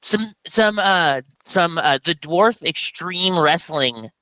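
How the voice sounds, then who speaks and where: A man chatting casually as a comedian guest, rambling and jokey with animated bits. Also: on the high side, takes it slowly, dry recording, low-quality recording. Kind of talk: casual podcast chat.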